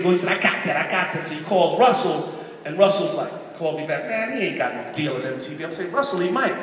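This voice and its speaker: Animated man preaching in echoey hall. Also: fairly high pitch, distant mic, a little hiss or hum. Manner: lively, animated, acts out quotes. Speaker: guest preacher telling his story. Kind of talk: storytelling sermon. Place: large church hall. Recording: echoey church hall from afar.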